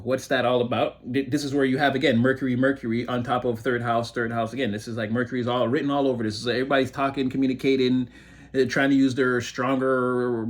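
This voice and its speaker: A man giving a casual tarot reading, excitable and giggly, talking in a rambling rush that keeps breaking into laughter. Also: medium pitch. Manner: excitable, giggly motor mouth. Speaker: tarot reader.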